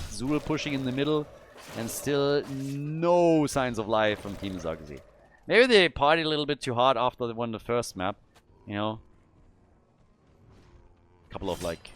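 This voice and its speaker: A man casting a live esports match with animated play-by-play commentary and casual fillers. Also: lowish voice, noisy background. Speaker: esports caster.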